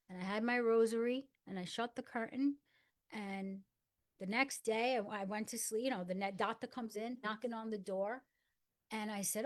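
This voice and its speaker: Middle-aged woman telling her story, earnest, goes quiet and hushed when she quotes people. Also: a little high, moderate pace. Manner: earnest storyteller acting out dialogue in hushed tones. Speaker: guest. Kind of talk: personal testimony in conversation.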